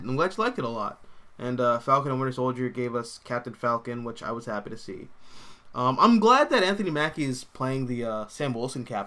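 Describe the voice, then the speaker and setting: A young man hosting a casual comics livestream, rambling animatedly and reading viewer comments aloud. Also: mid-range voice. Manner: rambling and animated, full of fillers and laughs.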